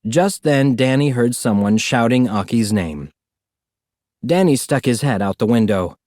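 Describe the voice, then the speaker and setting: A man narrating a storybook in an expressive, animated reading. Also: mid-range voice, normal speed, dry recording, studio quality. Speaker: audiobook narrator.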